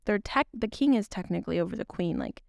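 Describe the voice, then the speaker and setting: A woman's voice: fairly low pitch, sing-song, fast talker, vocal fry, no echo, studio quality. A young woman hosting a podcast, talking in a casual, earnest, rambling way with many restarts. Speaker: podcast host. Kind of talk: casual faith talk.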